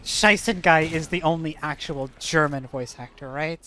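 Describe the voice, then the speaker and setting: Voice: mid-range voice, normal speed, sharp tone, a little hiss or hum. A streamer chatting casually over gameplay, joking and laughing often with rambling asides.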